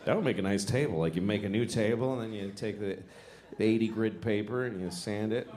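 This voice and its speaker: A man's voice: on the low side, fairly quick, a crowd in the background. A man from Boston with a Boston accent doing stand-up comedy in a wry, rambling way that trails off mid-thought. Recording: roomy club with audience noise.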